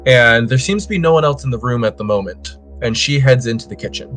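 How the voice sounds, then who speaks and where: A man running a tabletop role-playing game as game master, narrating scenes in a measured, descriptive way. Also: mid-range voice, fairly bright tone, soft background music.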